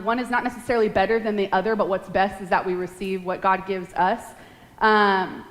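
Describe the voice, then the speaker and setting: A woman in her late twenties preaching a sermon, talking fast and emotionally. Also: mid-range voice, a bit bright. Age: late 20s. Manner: fast, emotional, laughs and tears up. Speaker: guest preacher. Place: large church hall. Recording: echoey hall with long reverb.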